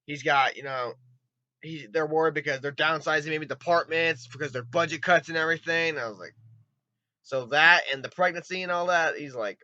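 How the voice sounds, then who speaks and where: A man giving a rambling, excitable spoken movie review, swearing often and retelling scenes with quick put-on voices. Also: on the high side, dry recording, dull audio. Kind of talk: casual spoken film review.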